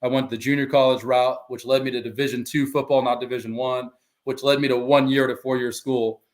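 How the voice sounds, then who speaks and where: A middle-aged man recounts his story on a podcast in a candid, lively way. He slips into quoted dialogue as he talks. His voice sits at an ordinary middle pitch. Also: a little fast. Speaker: guest, former pro football player and life coach.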